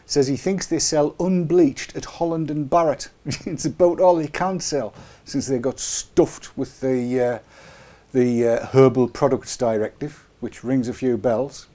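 A man's voice: medium pitch, a little slow, warm tone. A middle-aged man hosting a casual live webcast, joking and rambling with chuckling asides. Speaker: show host.

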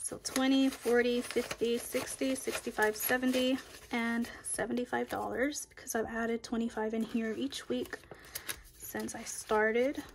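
Young gal counting out cash and chatting, kinda high voice, little bit of hiss. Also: female voice, little pitch movement, a little slow, creaky. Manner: counting bills aloud, chatty and upbeat. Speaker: budgeting vlogger. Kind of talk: casual cash-stuffing chat.

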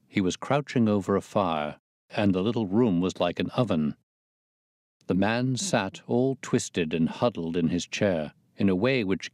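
A male narrator reading a classic tale in a measured, steady voice. His tone is very deep, and the recording is dry and close, with no room sound. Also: no echo. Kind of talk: scripted audiobook narration.

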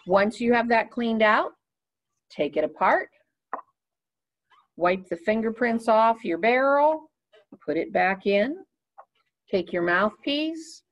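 A woman teaching a beginner's clarinet lesson in a patient, instructive way. Her voice sits a little higher than most women's. She walks through each step while handling the instrument.

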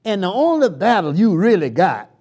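A man preaching a live church sermon, swinging from loud shouts down to hushed murmurs and leading the congregation in call-and-response chants. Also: high voice, sing-song, normal speed, breathy edge. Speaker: pastor. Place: church sanctuary.

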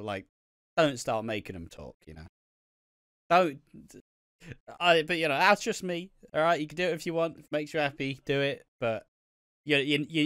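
A man's voice: mid-range voice, fairly bright tone, no echo, studio quality. A man co-hosting a podcast, talking in a grumpy, blunt and sweary way in casual chat. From Britain. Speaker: podcast co-host.

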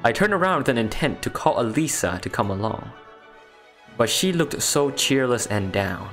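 A man's voice: medium pitch, very animated, normal speed, fairly bright tone, soft background music. Man reading a game in a mock Russian accent. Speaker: let's play host. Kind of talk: reading a visual novel aloud.

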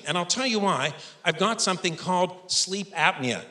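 A man in his fifties doing live stand-up comedy on stage, animated and self-mocking. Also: high voice, fairly quick, hardly any pauses. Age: 50s. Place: stage before a live audience. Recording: echoey stage room with audience.

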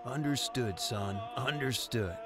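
A man voicing a kindly elderly game character who talks gently in formal, old-fashioned phrases. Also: mid-range voice, takes it slowly, natural voice. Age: older. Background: game music.

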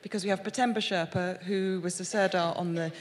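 A woman's voice: lowish voice, fairly even intonation, a little fast, slight background noise. Woman host making hall announcements. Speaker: event host. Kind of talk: announcements to a live audience. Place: large lecture hall. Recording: hall with long reverb and audience.

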